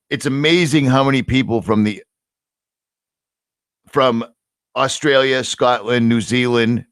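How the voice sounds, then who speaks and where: An American man hosts a live online talk and speaks in animated, emphatic bursts. His voice sits at a middle pitch. The sound is dry and close, with no room echo. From United States. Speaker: host. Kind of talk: casual chat.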